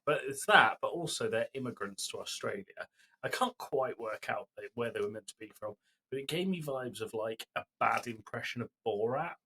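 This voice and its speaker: A man's voice: medium pitch, expressive, moderate pace, bright, forceful tone, breathy edge. A man co-hosting a podcast, retelling a show in a rambling, casual way with lots of fillers. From Britain. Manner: rambling storytelling recap with fillers. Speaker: podcast co-host. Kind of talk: casual chat.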